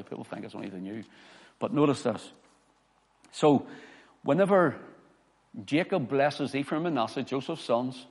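A man's voice: mid-range voice, vocal fry, a little mellow. A man preaching a sermon as pastor, reading scripture with emphasis and telling personal stories. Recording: long hall reverb.

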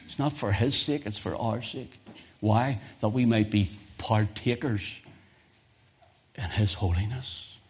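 A man preaching a sermon as pastor, emphatic, swinging from loud exhortation to near whispers. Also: on the low side, slow, slight background noise.

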